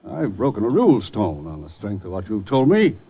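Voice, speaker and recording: A man's voice: fairly low pitch, wildly swooping pitch, fairly quick, husky, exaggerated voice. A man playing a stern, formal prison warden in a 1950s radio drama. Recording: dull old radio recording.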